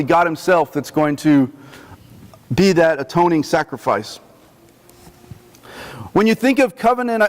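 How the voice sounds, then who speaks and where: A man preaching a sermon in a chapel in a conversational, animated teaching manner. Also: high-pitched. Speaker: chaplain. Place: army post chapel. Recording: long reverb of a chapel.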